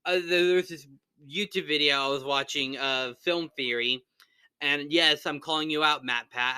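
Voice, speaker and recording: A man with a very bright, dry-sounding voice chats casually while unboxing films. He gets animated and rants when he goes off on a tangent. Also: medium pitch, moderate pace, clear, resonant tone, no room sound. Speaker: co-host of unboxing channel.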